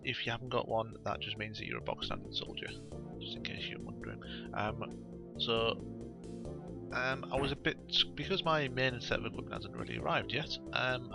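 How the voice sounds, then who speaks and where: A man's voice: medium pitch, gravelly. A man giving rambling, casual let's play commentary, full of ums and uhs.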